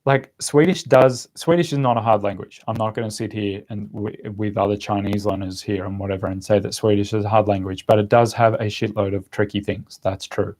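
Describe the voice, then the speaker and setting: A man's voice: fairly low pitch, fairly even intonation, brisk, hardly any pauses, a little mellow. A young man hosting a casual live-stream chat, answering questions with lots of fillers and restarts. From Australia. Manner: rambling, many fillers and restarts. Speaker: language-learning channel host.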